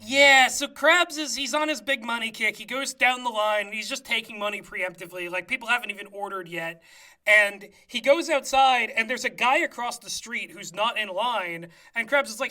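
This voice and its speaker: Podcast co-host, bright tense tone, animated storytelling, casual comedic chat, frequent laughter. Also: mid-range voice, normal speed. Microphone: remote call.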